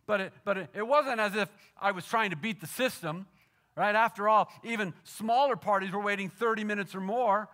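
A male pastor delivering a sermon, telling a story that swings from animated to soft and hushed, often repeating words as he builds a point. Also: sits high, brisk.

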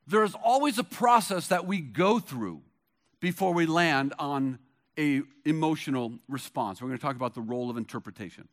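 High-voiced man preaching a sermon. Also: animated, normal speed. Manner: conversational storytelling with bursts of emphasis. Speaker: pastor.

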